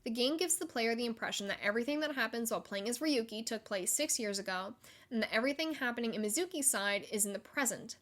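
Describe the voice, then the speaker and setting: A young woman hosting a solo gaming podcast, chatty and excitable, with frequent likes and laughter. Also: fairly high pitch, fast. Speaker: podcast host.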